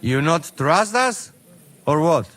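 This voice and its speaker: A man's voice: fairly high pitch, big pitch swings, slow pace, fairly bright tone, exaggerated voice. An actor playing a blunt male mercenary with a Slovak accent, speaking broken English in a game cutscene.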